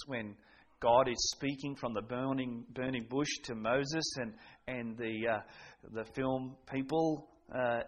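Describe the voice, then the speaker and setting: A man's voice: medium pitch, rough recording. A man preaching a sermon in a conversational, folksy way, often restarting his sentences.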